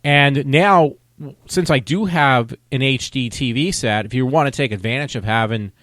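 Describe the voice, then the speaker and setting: A man's voice: mid-range voice, normal speed, a bit bright, no room sound, clean studio sound. A man vlogging a casual movie review, talking in a rambling, loose, conversational way.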